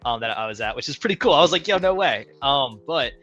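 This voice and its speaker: A man in a casual podcast chat, telling stories in an animated, boastful way. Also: medium pitch, fast talker, highs cut off, soft background music.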